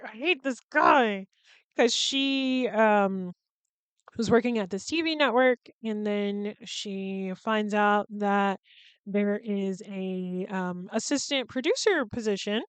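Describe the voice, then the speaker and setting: Chatty woman with a smooth, crisp voice. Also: on the high side, no echo. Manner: candid and chatty, swears freely and laughs mid-sentence. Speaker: podcast host. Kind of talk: casual chat.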